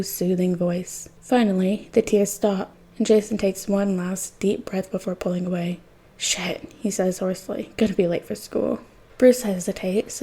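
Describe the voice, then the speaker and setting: A woman reading fan fiction aloud in a soft, intimate narration that sometimes drops close to a whisper. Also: mid-range voice, breathy edge. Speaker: podfic reader.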